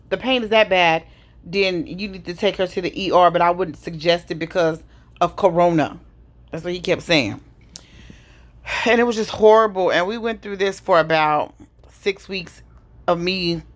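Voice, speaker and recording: A middle-aged woman speaks to the camera about a painful stretch of her life. Her voice sits a little low, and she tells it in a heavy, personal way, pausing and sighing as she goes. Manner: heavy, emotional retelling with pauses and sighs. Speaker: vlogger telling her story.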